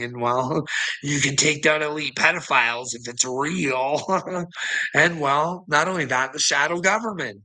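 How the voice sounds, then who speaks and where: A man's voice: mid-range voice, measured pace, bright, forceful tone, poor audio. A man rambling casually to his livestream chat, swearing a lot and chuckling often between phrases. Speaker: livestream host talking to chat.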